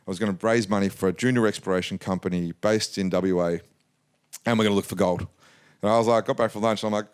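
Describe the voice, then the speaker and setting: Businessman guest in his forties from Australia, low voice, animated anecdotal delivery. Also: fast talker, clean tone. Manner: animated anecdotal, acts out quotes. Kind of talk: casual storytelling interview.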